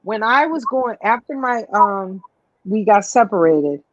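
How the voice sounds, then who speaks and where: A middle-aged woman, a radio show guest, telling stories in a lively way and calling her listener honey. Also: mid-range voice, unhurried, no room sound, lo-fi sound. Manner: animated storyteller, calls the listener honey. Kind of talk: casual radio conversation.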